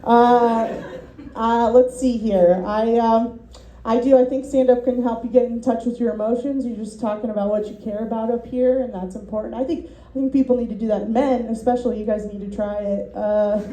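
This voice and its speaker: A woman's voice: on the high side, fairly even intonation, moderate pace, warm tone, reverberant, a little hiss or hum, low-quality recording. A woman doing a rambling, self-deprecating stand-up set at a student showcase, full of ums and little laughs, as the class's comedy teacher.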